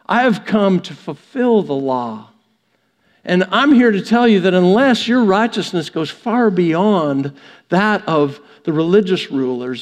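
A man preaching a conversational sermon in a church, often restarting his phrases. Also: high-pitched. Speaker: pastor. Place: church sanctuary. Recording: long church reverb.

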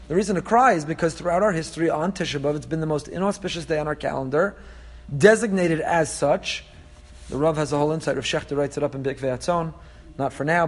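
High-voiced man teaching a Torah class. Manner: animated, explanatory, full of Hebrew terms.

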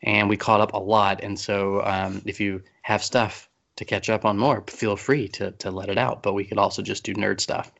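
A man co-hosting a home podcast in loose, joking chat that rambles and pokes fun at himself. His voice sits low with a gravelly fry. The recording from a basement sounds dull and lo-fi. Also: little pitch movement, normal speed, few pauses, fairly bright tone. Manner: joking, rambling, self-deprecating. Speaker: podcast co-host. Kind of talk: casual chat.

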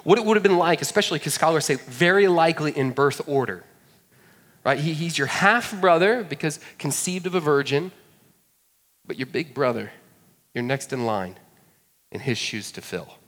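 Pastor guy telling a story in a sermon, pitch jumps all over, big echoey hall. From Georgia, USA. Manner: storytelling, animated, jokey asides to the audience. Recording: long hall reverb.

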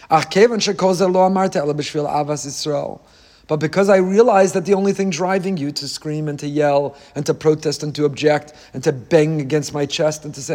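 A man's voice: fairly high pitch, brisk, a little mellow. A man, a rabbi, giving an impassioned Torah sermon with a repetitive rhetorical cadence. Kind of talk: Torah sermon on the weekly portion.

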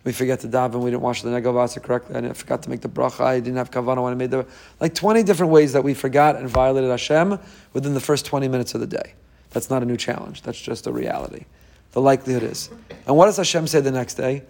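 A man's voice: mid-range voice, steady tone, fast, creaky, darkish tone. Earnest middle-aged male religious teacher, sermon delivery, builds force through repetition. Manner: earnest, emphatic, piles up repeated phrases. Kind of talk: inspirational sermon.

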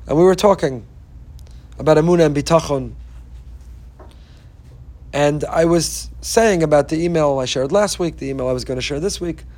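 A man with a fairly high voice delivering an inspirational Torah talk. He speaks earnestly and with emphasis, circling back to repeat key phrases as he tells a story. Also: moderate pace, long pauses, a little mellow. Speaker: Torah teacher.

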